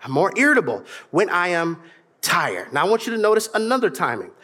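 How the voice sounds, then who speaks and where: Male pastor, sermon delivery, very high animated voice, comic asides and shouts. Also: a little fast. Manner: preaching with humor and sudden shouts, mimicking voices.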